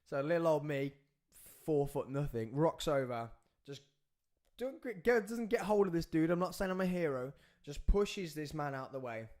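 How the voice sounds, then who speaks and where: A podcast host tells a story with animated excitement, his pitch and volume swinging widely as he acts out each scene. He speaks at a normal speed.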